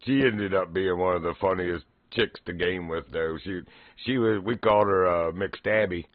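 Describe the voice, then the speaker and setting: A man's voice: sits low, moderate pace, no room sound, narrow, tinny audio. A man streaming, casually telling old gaming stories and laughing often. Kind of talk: casual storytelling.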